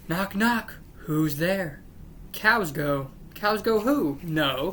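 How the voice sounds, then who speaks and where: One after another, the jokes get read aloud by a channel host whose voice is fairly low in pitch, slow, and fairly bright. She's unimpressed and keeps breaking off to grumble about how unfunny they are. There's a little hiss or hum.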